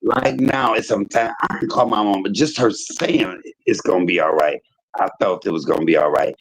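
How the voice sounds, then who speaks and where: A man hosting a livestream, telling stories in casual chat with an animated manner that leaps up in pitch when he quotes people. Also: moderate pace, low-quality recording. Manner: animated storyteller, jumps high in pitch for quoted voices. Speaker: livestream host.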